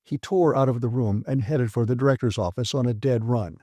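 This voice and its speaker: Dark-voiced man narrating an audiobook. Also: medium pitch, a little fast, dry recording, studio quality. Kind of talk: scripted narration.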